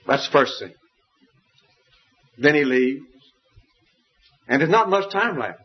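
A man preaching a sermon, telling a parable in a folksy, emphatic way with wide swings in pitch. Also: animated, slow, breathy edge, lo-fi sound.

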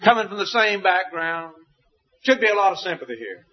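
A man preaching a sermon, telling a parable in a folksy, emphatic way with wide swings in pitch. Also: lively intonation, brisk, lo-fi sound.

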